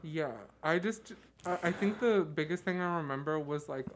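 A young man with a naturally high, light voice, chatting as a guest in a playful, sassy way with lots of fillers. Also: normal speed, a little hiss or hum. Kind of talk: casual podcast chat.

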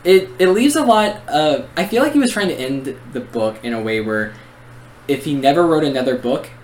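A man's voice: on the high side, animated, normal speed, slight background noise, rough recording. A young man co-hosting a book podcast, reading narration aloud and chatting eagerly. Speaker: podcast co-host. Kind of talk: reading narration and casual chat.

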